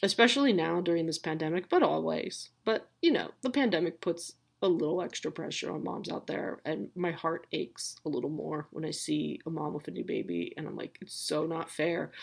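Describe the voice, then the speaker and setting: Woman host, 30s, casual pep talk, gravelly husky low voice, frank and swearing. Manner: candid, swearing, self-mocking. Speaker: podcast host.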